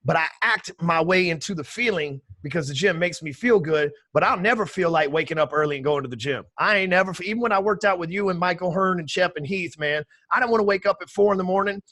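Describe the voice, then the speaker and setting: A man, talking emphatically and with high energy as a podcast guest, swearing casually. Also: fast talker, hardly any pauses, pushed and bright, no room sound. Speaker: podcast guest, sales trainer. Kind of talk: energetic interview talk.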